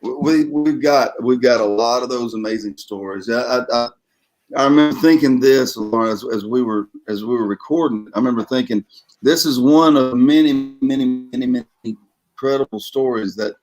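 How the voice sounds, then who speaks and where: A man's voice: mid-range voice, normal speed, a little mellow, low-quality recording. A man with a Louisiana Southern accent, a singer and guest talking earnestly in a casual interview and often repeating himself.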